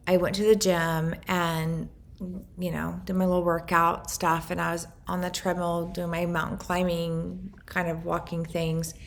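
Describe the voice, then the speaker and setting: A middle-aged woman talking to her phone camera in an earnest, emotional vlog, rambling quickly at times. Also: lowish voice, creaky. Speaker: vlogger. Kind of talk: personal vlog talk to camera.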